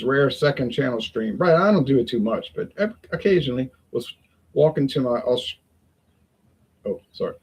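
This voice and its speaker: A man's voice: mid-range voice, vocal fry, a little mellow, breathy edge, poor audio. A man chatting casually and rambling in a folksy way, talking at home in the heat with the windows open. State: sweating in the heat. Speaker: beer review vlogger.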